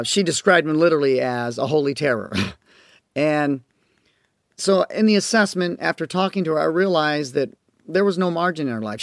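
In this recorded lecture for parents, a man who works as a parenting educator and counselor explains things in an earnest, emphatic manner. His pitch is fairly high, with vocal fry. It's clean studio audio without echo.

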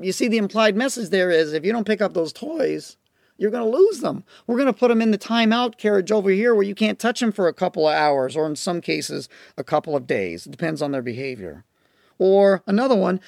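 A man's voice: high-pitched, lively intonation, fairly quick, creaky, no room sound, studio quality. A man teaching parents as a coach, talking emphatically and repeating his key phrases. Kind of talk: instructional talk to parents.

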